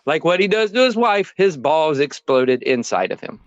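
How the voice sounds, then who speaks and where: A man, co-hosting a casual sports podcast, telling animated, profane stories and quoting himself. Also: on the high side, moderate pace, no echo. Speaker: podcast co-host. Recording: dull, dry lo-fi sound.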